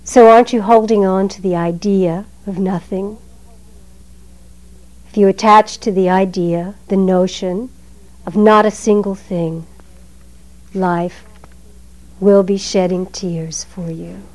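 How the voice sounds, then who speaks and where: A woman giving a Zen dharma talk in a measured, emphatic way, letting her phrases trail off softly. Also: mid-range voice, fairly even intonation, rough recording.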